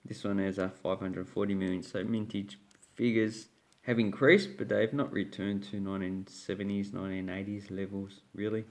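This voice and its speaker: A man's voice: lowish voice, little pitch movement, normal speed. A man with an Australian accent hosting a casual coin collecting video, rambling and correcting himself with fillers. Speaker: coin collecting channel host.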